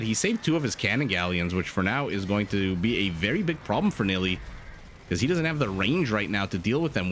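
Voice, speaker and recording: A man casting a strategy game match as a tournament co-host, excitable and prone to rambling tangents. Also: deep voice, slight background noise. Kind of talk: esports match commentary.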